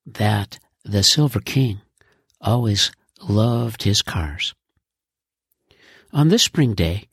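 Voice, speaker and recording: A man reads the narration of an audio play slowly and with care. His voice is very husky and close-miked in a dry space. He speaks at a relaxed pace. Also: medium pitch, no echo. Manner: slow and measured. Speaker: writer and narrator. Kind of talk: scripted narration.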